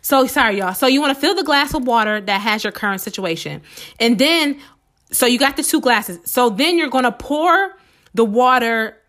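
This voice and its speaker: A woman hosting a motivational podcast, talking fast and excitedly while she repeats each step, and a little under the weather with a slightly sore throat. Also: a little high. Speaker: podcast host. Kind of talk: casual motivational podcast talk.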